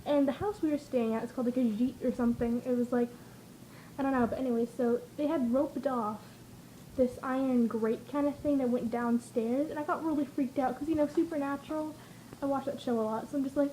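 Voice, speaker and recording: A woman's voice: sits high, fairly quick, dark tone, a little hiss or hum, low-quality recording. A woman vlogging in a casual, rambling way, giggling and acting out her own reactions as she tells stories. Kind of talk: casual chatty vlog storytelling.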